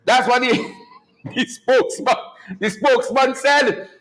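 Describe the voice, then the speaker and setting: A man hosting a live-streamed talk show, animated and mocking, with a preacher-like cadence. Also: very high-pitched, measured pace, slight background noise, low-quality recording.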